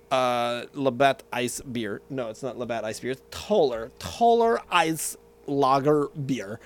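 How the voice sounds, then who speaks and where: A man, seemingly a little high, vlogs casually while tasting a beer and telling a rambling story. He keeps correcting himself and drifting into tangents.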